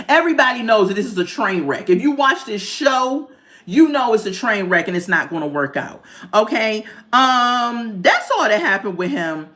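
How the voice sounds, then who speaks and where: Host: woman, lively and sassy pitch swings, chatty TV recap commentary with frequent laughs. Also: moderate pace. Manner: animated, sassy, laughs often. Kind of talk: casual commentary.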